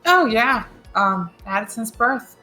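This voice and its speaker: A woman playing in a tabletop game, speaking in character in a hesitant, soft way. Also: a little high, lively intonation, takes it slowly, faint music behind, poor audio. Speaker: player. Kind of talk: in-character tabletop role-play.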